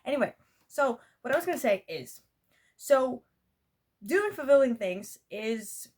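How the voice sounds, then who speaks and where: A woman's voice: sits high, very animated, unhurried, a little mellow. A young woman talking straight to her camera in a casual vlog. She rambles, restarts her sentences and keeps filling the gaps with "like" and "you know what I mean". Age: young adult. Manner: rambling, talkative, many fillers and restarts. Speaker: vlogger. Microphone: camera mic.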